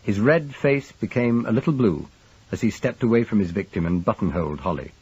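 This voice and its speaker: A man reads a detective novel aloud in a measured, expressive way. His voice is low and husky, with lively rises and falls in pitch. The recording is dull and lo-fi. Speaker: narrator. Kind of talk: scripted audiobook narration.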